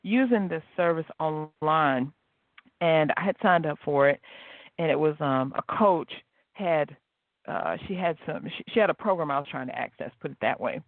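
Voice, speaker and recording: This male podcast host delivers motivational solo talk, acting out the dialogue in his stories with lively energy. His pitch runs on the high side and his delivery is animated at a normal speed. There's no room sound, just a dry, thin, phone-like quality.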